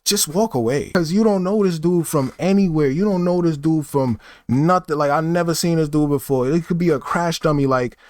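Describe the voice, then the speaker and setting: A man's voice: a little high, fairly quick, few pauses, a little mellow, no room sound. A man, talking loosely in a casual monologue full of fillers and tag questions. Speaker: vlogger.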